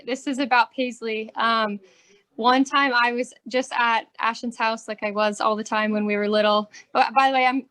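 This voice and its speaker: A young woman with a high voice tells a short anecdote casually. She is giggly and uses lots of "um"s and "like"s. The sound is dry and close. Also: sharp tone, no echo. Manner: chatty, giggly, many fillers. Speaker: relative sharing a memory. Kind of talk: casual storytelling.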